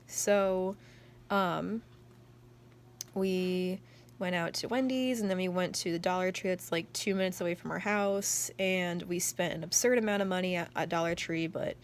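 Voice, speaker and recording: Young adult woman, casual vlog chat, mid pitch, excitable and rambly with constant filler words. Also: normal speed, a little hiss or hum. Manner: excitable storyteller. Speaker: journal vlogger.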